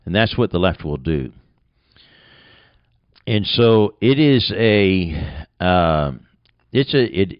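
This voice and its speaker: An American man with a very low, deep voice delivers an earnest, plain-spoken radio sermon. He talks straight into a close mic in a dry room with no echo. The sound is dull and lo-fi. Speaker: radio broadcaster and preacher.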